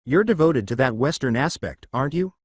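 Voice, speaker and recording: A man's voice: medium pitch, expressive, a little fast, husky, dry recording. A man voicing a blunt former soldier turned teacher, curt and matter-of-fact.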